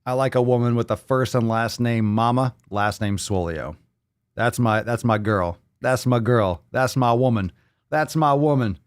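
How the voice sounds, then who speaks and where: Man, live podcast host, mid pitch, excited, repetitive, swears a lot, dry sound. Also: unhurried, smooth, no room sound. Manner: loud, hyped, repeats phrases, swears; plays soundboard clips. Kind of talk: live-stream podcast chat.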